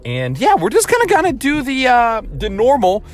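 A man's voice: very high-pitched, wildly swooping pitch, normal speed, a little hiss or hum. A man hosting a podcast, chatting loosely and off the cuff in a casual intro. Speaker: podcast host.

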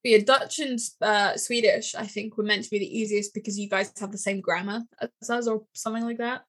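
A young British woman with a British accent chats in a loose, rambling way as co-host. Her voice sits at an ordinary middle pitch. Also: steady tone, brisk. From United Kingdom. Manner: chatty, rambling, many likes. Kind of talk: casual chat.

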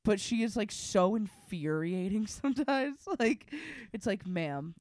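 A young woman co-hosting a podcast in casual chat, profane and animated, laughing often as she tells stories. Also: mid-range voice, unhurried, no echo, clean studio sound. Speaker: podcast co-host.

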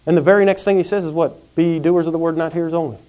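A man preaching a sermon in a folksy, animated way. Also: a little high. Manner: folksy, animated, acts out quick comic voices. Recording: dull lo-fi recording.

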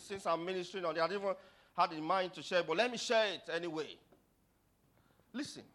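Man, Nigerian accent, middle-aged, preaching, very bright tone, bursts into shouts. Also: a little high. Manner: preaches in dramatic rising shouts. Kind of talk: sermon.

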